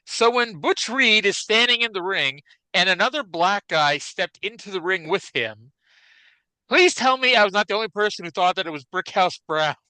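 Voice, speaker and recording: A man co-hosting a podcast, chatting casually about classic wrestling in an animated, rambling way with many restarts. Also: sits high, moderate pace, smooth, no room sound, poor audio. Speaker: podcast co-host.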